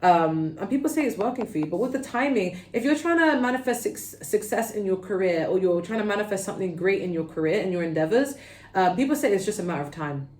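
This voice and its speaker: Woman, London accent, mid-pitched, talkative tarot reader; roomy sound. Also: quick pace. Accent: London English. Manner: chatty, animated, peppered with "okay?" and "like". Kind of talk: casual pick-a-card tarot reading. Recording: roomy echo.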